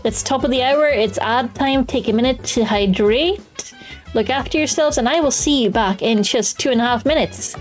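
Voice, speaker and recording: A woman's voice: a little high, moderate pace. A woman streaming a video game live, chatting playfully, humming along and reading the on-screen text aloud into her desk microphone. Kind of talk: live gameplay commentary. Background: faint game music.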